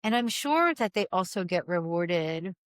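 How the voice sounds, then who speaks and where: Female host, lowish voice, affirming and reflective, dry close recording. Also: expressive, unhurried, smooth, no room sound. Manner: warm, affirming, reflective questioner. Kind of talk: casual interview conversation.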